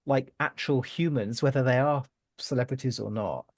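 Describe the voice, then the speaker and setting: A man's voice: medium pitch, normal speed, a little mellow, dry recording, studio quality. A man co-hosting a podcast in casual chat, hesitant, with many filler sounds and frequent laughter. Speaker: podcast co-host.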